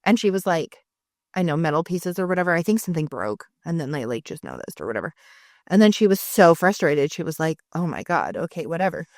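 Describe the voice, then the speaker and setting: Animated woman telling stories, dry close mic. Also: low-pitched, brisk, dry recording. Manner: animated storyteller, acts out quoted people. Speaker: podcast co-host. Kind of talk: casual podcast chat.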